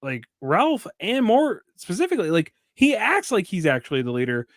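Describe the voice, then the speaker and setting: Animated, joking male podcast co-host. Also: high-pitched, moderate pace, dry recording. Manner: animated, rambling, profane and joking. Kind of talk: casual movie-review chat.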